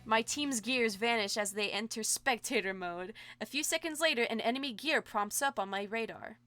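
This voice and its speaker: A young woman streamer reading a game's story aloud, bubbly and excitable with gushing asides. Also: fairly high pitch, normal speed. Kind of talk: reading a visual novel aloud with commentary.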